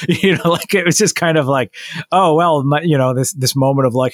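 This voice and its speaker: A man at an average pitch rambles through a family story on a chatty podcast, stopping and restarting as he acts out what everyone said. The recording is close and dry, with no room sound. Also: brisk, dry recording. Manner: rambling, animated retelling with many restarts and quoted voices. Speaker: podcast co-host. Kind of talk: casual storytelling chat.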